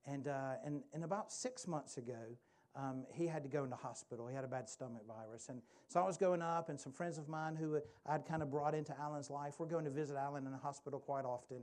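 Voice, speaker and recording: A preacher speaks in a slightly high, mellow voice. He tells his story casually, with restarts and warmth of delivery, drawing the listener in. His tone is unhurried and earnest. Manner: conversational, animated storytelling that drops to a hushed prayer. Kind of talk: sermon storytelling.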